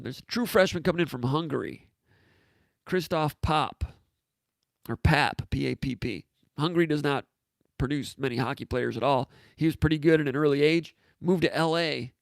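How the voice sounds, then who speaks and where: Hoarse man rambling through sports talk. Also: mid-range voice, no echo. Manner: rambling, offhand, with frequent fillers and asides. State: hoarse, losing his voice. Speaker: sports site publisher hosting a live show. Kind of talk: casual sports talk, reading viewer comments.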